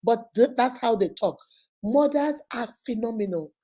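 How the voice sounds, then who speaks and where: A Nigerian-accented woman talks straight to mothers, stacking short emphatic phrases and little classroom stories. Her voice sits a little high, but its tone is warm and mellow rather than bright. She sounds like a teacher rallying her audience. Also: expressive, normal speed, poor audio. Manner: emphatic, repetitive exhortation with storytelling asides. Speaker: schoolteacher giving a motivational talk. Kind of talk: motivational talk to mothers.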